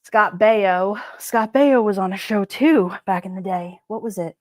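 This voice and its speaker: A woman's voice: medium pitch, a little slow, no echo. Chatty rambling woman streamer. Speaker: live stream host. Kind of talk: casual chat with viewers.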